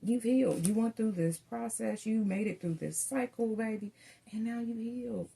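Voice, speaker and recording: A woman's voice: a little high, normal speed, gravelly, mellow, breathy edge. A woman doing a casual tarot reading, telling stories in a chatty way and calling her viewers y'all. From Southern United States. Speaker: tarot reader.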